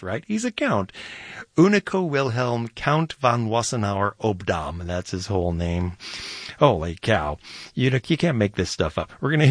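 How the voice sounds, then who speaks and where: A man announces classical music on the radio in a lowish voice, chatty and amused as he introduces each piece. He speaks close to a studio microphone in a dry, non-reverberant booth. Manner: playful, chatty, amused asides. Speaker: radio host.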